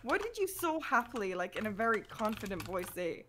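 A woman chatting playfully during a video game, teasing her partner and sometimes shouting. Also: medium pitch, sing-song, a little fast, background noise. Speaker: gaming stream guest. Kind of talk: casual gaming chat.

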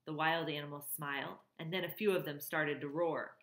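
Woman reader, lowish voice, expressive storybook reading, roomy echo. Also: moderate pace. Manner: expressive, warmly emotional reading. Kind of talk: reading a children's novel aloud.

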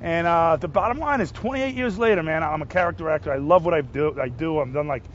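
A brash, joking man with a New Jersey accent, talking about his career in a casual TV interview. His voice sits high for a man and often trips over restarts. The sound is a little dull, with faint city noise behind him outdoors. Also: fast. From New Jersey, USA. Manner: brash, jokey, stumbling restarts. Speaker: guest actor.

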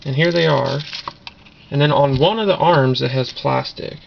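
Man with a gravelly voice, rambling unboxing. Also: medium pitch, normal speed. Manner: rambling, offhand, filler-heavy. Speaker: vlogger doing an unboxing. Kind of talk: casual unboxing commentary. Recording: dull lo-fi camera audio with noise.

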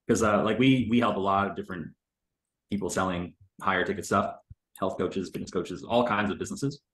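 A man's voice: low-pitched, brisk, a bit bright, reverberant. A man reviewing a recorded sales call in casual commentary, loose and chatty, full of filler words and the odd swear.

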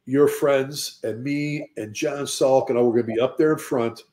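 Fire service veteran, animated storyteller, relaxed mellow voice. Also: male voice, mid-range voice, moderate pace, a little hiss or hum. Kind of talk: casual chat.

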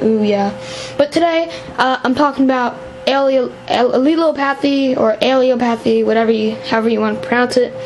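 A woman's voice: a little high, background noise. A woman giving a casual vlog explainer on an aquarium hobby topic, rambling and hesitant, with lots of restarts.

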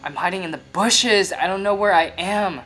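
A man reading as a quiet, scared young woman texting. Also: sits high, moderate pace, faint music behind. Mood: nervous. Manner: quiet, flat reading of text messages. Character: frightened young woman lost in a forest.

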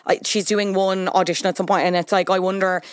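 A man, a podcast guest chatting quickly and enthusiastically. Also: high-pitched, level tone, smooth, no echo, studio quality. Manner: quick, enthusiastic, talks over the host. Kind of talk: casual chat.

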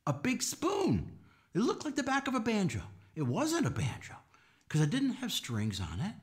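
A man telling a story to children, animated and coaxing them to act along and count with him. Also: high-pitched, normal speed. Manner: animated, coaxing kids to join in. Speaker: children's storyteller and folk musician.

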